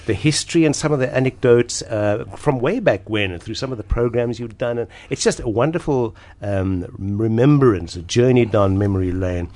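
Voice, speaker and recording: A man's voice: mid-range voice, moderate pace, hardly any pauses, darkish tone. A man hosts an interview, asking friendly questions in an easy conversational way. He keeps affirming his guest as he talks. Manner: conversational, encouraging, many affirmations. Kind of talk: radio interview.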